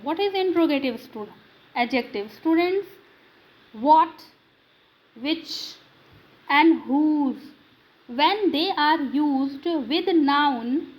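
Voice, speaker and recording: Woman grammar teacher, non-native English; high, measured delivery that asks then answers its own questions. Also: low-quality recording. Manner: slow, drilling questions and answers to students. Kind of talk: classroom grammar lesson.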